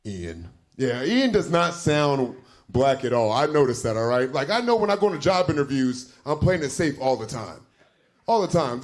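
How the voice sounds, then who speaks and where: A man hosting a live comedy show, bantering in an animated, profane way between acts. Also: mid-range voice, moderate pace. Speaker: host and comedian. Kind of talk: stand-up hosting.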